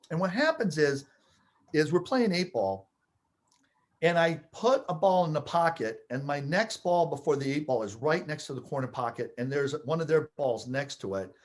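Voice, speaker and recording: A man telling a personal anecdote with animated, building excitement, acting out the scenes as he goes. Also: fairly high pitch. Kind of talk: storytelling anecdote.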